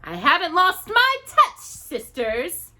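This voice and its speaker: A woman's voice: very high voice, huge pitch swings, slow pace, bright, forceful tone, voice pushed up, exaggerated voice. A woman voicing a proud, scheming older witch who leads her sisters, in a theatrical manner with old-fashioned speech. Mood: menacing. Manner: grand, theatrical, archaic speech.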